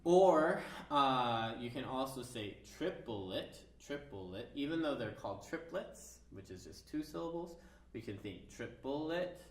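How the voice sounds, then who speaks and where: A man teaches an orchestra violin part in a music lesson, explaining the rhythms and counting beats aloud. His voice is mid-range and animated at a normal speed, recorded far off mic in a roomy space with a little hiss or hum and a violin playing behind him.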